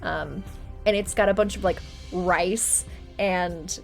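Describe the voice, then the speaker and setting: Slow, laid-back woman game master. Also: fairly low pitch, creaky, faint music behind. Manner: relaxed, with frequent ums and laughter. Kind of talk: narrating a tabletop game.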